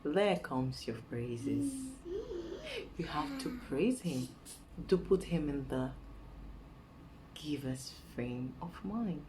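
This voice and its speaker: A young Nigerian woman with a Nigerian accent, giving chatty dating advice in a casual vlog and dropping into a soft coaxing voice to act out sweet talk. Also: sits low, big pitch swings, slow, long pauses, background noise.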